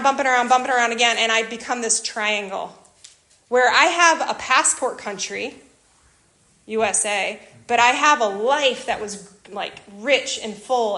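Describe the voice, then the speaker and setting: A woman giving a lively, conversational talk, telling a personal story with frequent asides. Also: a little high. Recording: roomy echo.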